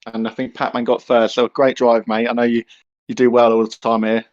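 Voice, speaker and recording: A friendly sim racer talks fast and praises the drivers he raced. His voice comes through muffled voice-chat audio. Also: mid-range voice, level tone. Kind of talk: post-race interview over voice chat.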